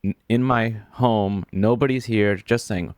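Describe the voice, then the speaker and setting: A man's voice: lowish voice, a little slow, no echo, studio quality. Exasperated man telling a story. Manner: animated storytelling, exasperated, frequent restarts and laughs. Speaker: podcast co-host. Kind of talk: casual book discussion.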